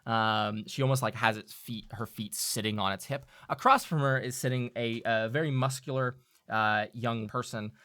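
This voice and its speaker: A man running a tabletop game as game master, describing scenes in a halting, filler-heavy way. His voice is bright and forward. The recording is dry and close. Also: medium pitch, fairly even intonation, dry recording.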